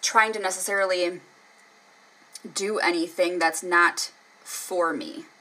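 Woman in her thirties, bright tone, candid podcast chat, swears freely. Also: lowish voice, steady tone, takes it slowly, low-quality recording. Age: 30s. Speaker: podcast co-host. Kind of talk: casual chat.

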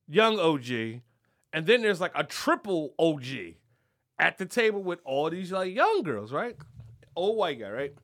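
Podcast guy telling a story, swears a lot, voice jumps all over, bright and kinda high. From Philadelphia. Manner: profane, animated, acts out the people in his story. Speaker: podcast host. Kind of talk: casual storytelling chat.

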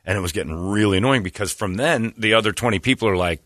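A man hosting a talk show, telling stories in casual, animated chat. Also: lowish voice, fast, dry recording, clean studio sound. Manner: animated, self-amused storyteller who slips into quoted voices. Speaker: radio show host.

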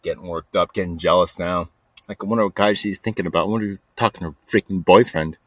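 A man hosting a podcast, telling a story in a rambling, restless way that swings from low mutters to sudden loud bursts. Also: fairly even intonation, fast, no room sound. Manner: rambling, restless, talks to himself with lots of "like" and "freaking". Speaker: podcast host. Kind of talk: casual storytelling monologue.

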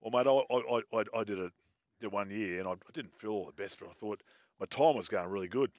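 A man's voice: fairly low pitch, dry recording, studio quality. An Australian man, a former player, chatting casually and tripping over his words as he tells stories. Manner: quick, stumbling, repeats words. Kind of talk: casual chat.

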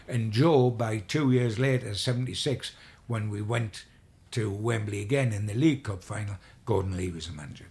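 A man's voice: fairly low pitch, moderate pace, a little mellow. An older man, a sports journalist, telling long rambling anecdotes in an interview, with frequent restarts.

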